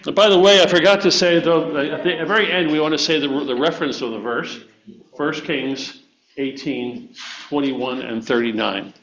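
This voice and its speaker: A man with a fairly high voice leads a church group through a memory verse, repeating lines and coaxing everyone to join in. The recording sounds dull and lo-fi. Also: moderate pace, a crowd in the background. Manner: encouraging, repeats and coaxes listeners to join in. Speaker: church teacher leading children. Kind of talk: teaching a memory verse to a congregation.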